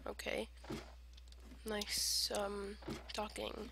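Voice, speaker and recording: A woman giving casual gameplay commentary, rambling in silly self-talk and arguing with herself, swinging between whispered asides and loud outbursts. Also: medium pitch, takes it slowly, pauses often. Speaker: gamer playing online survival matches. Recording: noisy home recording with clicks.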